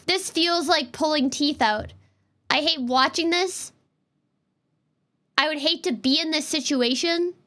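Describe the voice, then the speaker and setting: A woman's voice: sits high, sharp tone. A woman streamer from Canada giving casual, rambling gameplay commentary with an exasperated edge. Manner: rambling, exasperated, fast-talking. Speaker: VTuber streamer.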